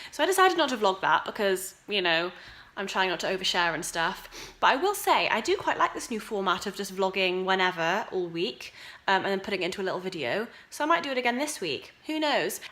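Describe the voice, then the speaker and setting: A woman in her twenties chatting casually in a vlog about her week as a student, bubbly and quick to laugh. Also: mid-range voice, pushed and bright. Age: 20s. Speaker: student vlogger.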